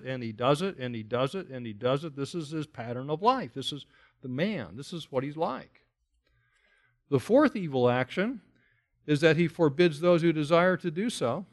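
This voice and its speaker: A man preaching an expository sermon, emphatic, repeating phrases and asking rhetorical questions. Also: on the high side. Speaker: pastor.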